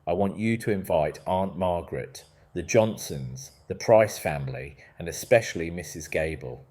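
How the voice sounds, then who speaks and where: A man voicing a blunt, composed woman gardener in a storybook reading, speaking in a flat, firm, matter-of-fact way. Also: low voice, normal speed.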